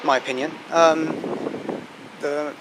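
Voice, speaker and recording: Guy chatting away about trains on a busy platform, voice a bit high, lots of train noise behind, camera mic. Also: slow pace. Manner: chatty, excitable, self-deprecating asides. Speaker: trainspotting vlogger. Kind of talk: casual live commentary on passing trains. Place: busy railway station platform. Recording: loud station noise from trains.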